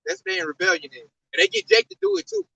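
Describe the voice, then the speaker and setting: A man's voice: extremely high pitch, rapid-fire, gravelly, bright, forceful tone, recorded from a distance, highs cut off. A man in fervent religious talk full of slang, preaching animatedly and often saying "man". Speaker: religious commentator.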